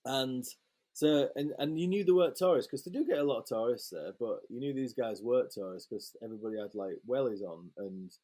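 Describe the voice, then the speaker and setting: A man, a photographer guest telling a lively, sweary anecdote in a casual interview and acting out the quotes. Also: mid-range voice, a little fast.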